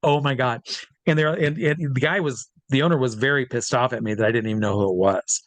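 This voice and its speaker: A man, a drag performer and hypnotist, telling a lively anecdote as an interview guest, acting out the quoted voices and swearing freely. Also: medium pitch, a little fast, crowd noise. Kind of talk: casual storytelling in an interview.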